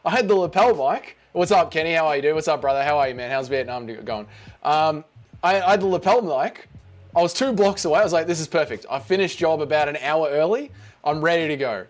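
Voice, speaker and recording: Australian male streamer, slightly high voice, rambly chat with his viewers. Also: lively intonation, brisk, faint music behind. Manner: rambling, chatty, greets viewers by name. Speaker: live streamer. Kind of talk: casual live stream chat.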